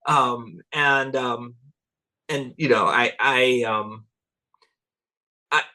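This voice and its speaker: In a laid-back interview, a middle-aged cultural anthropologist rambles through stories extremely slowly, often laughing and performing what others said. His medium-pitched voice sounds bright and forceful.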